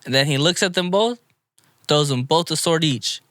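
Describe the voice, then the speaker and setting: A man co-hosting a casual podcast, recapping anime episodes in a rambling, animated play-by-play. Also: on the high side, moderate pace, no room sound, clean studio sound. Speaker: podcast co-host.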